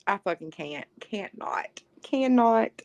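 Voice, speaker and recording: A woman's voice: mid-range voice, expressive, takes it slowly, creaky, a little mellow, no room sound. A woman co-hosting a live stream, flustered and profane, protesting her partner's teasing with exasperation. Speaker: co-host. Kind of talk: casual live-stream banter.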